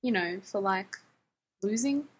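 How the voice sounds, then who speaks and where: A woman's voice: mid-range voice, slow pace, breathy edge. A woman reading the lines of an earnest, sheepish young man who rambles in casual slang.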